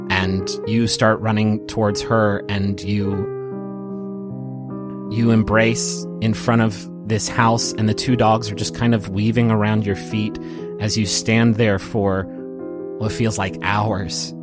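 A man narrating a tabletop game as game master, soft and emotional, with small restarts. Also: on the low side, little pitch movement, takes it slowly, over music.

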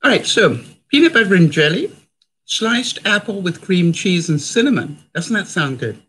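With a lowish, very animated voice at normal speed and a somewhat bright tone, this middle-aged Canadian vlogger chats and laughs with her live-stream viewers while cooking in her home kitchen. The audio is poor.

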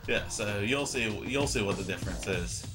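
A man's voice: on the low side, moderate pace, over music. A man giving casual, rambling gameplay commentary, chatty and self-mocking. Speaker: let's play commentator.

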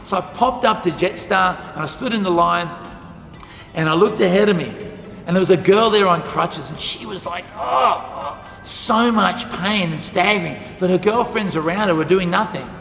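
A man's voice: high voice, moderate pace, creaky. A man teaching a lesson to school students, telling a story and acting out the dialogue. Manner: animated, acts out quoted dialogue. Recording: echoey hall with faint music.

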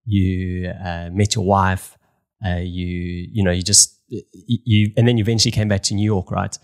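A man's voice: low-pitched, flat delivery, moderate pace. A man hosting a podcast, talking casually and hesitantly with lots of fillers. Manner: hesitant, many fillers and restarts. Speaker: podcast host. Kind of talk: casual interview talk.

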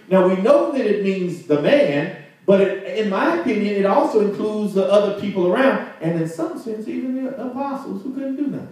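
A man's voice: high voice, lively intonation, a little fast, a little mellow. A male pastor preaching a conversational sermon, drawing call-and-response from the congregation and laughing often. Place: church sanctuary. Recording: very echoey room, mic at a distance.

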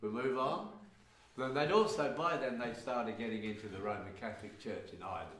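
A man's voice: mid-range voice, brisk, a bit bright. A man from England introducing folk stories on stage, rambling with lots of fillers and wry asides. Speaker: folk storyteller and performer. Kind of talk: live stage storytelling introduction. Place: live music venue. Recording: echoey hall, mic from far off, guitar faint behind.

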